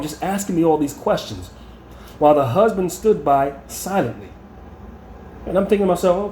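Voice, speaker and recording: A man's voice: high voice, sing-song, moderate pace, darkish tone, slight background noise. Blunt, cursing man in an echoey room. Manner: blunt and profane, repeats words when heated. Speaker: channel host. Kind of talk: profane storytelling rant.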